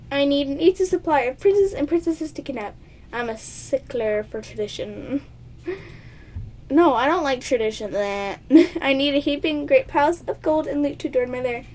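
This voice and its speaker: A woman's voice: sits high, darkish tone. A woman reading a choice-based text game aloud, stumbling over words and giggling through playful asides to her viewers. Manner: stumbles over words, often tongue-tied. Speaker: player of a text adventure game.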